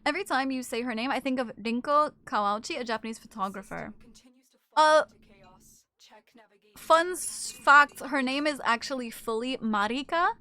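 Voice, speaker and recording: A woman streamer chatting casually with her live chat while she plays, often cooing softly to her cat. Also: sits high, normal speed, clear, resonant tone.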